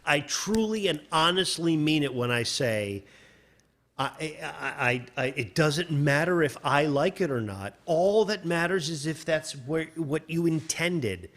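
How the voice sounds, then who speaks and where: A man's voice: fairly high pitch, lively intonation, measured pace, a bit bright. A man, a composer giving casual feedback on listener submissions, rambling and swearing, laughing often and restarting his sentences. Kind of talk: casual livestream critique.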